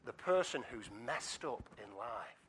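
Male preacher, sermon, bright voice, very animated delivery. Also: medium pitch, unhurried, slight background noise. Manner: animated storytelling, acting out scenes, asides to the congregation.

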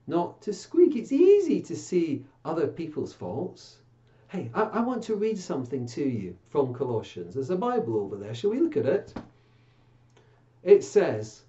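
A children's church presenter with a bouncy, sing-song delivery who takes things slowly and deliberately. The voice is playful and coaxing, as though chatting with puppets for young listeners. The sound is dull and slightly lo-fi. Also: medium pitch, mellow. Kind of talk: Bible reading and puppet talk for children.

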